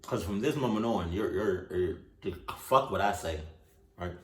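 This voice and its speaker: A man reacting to a horror video in casual commentary, ranting and cursing in an animated way, at home. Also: on the low side, unhurried, roomy sound.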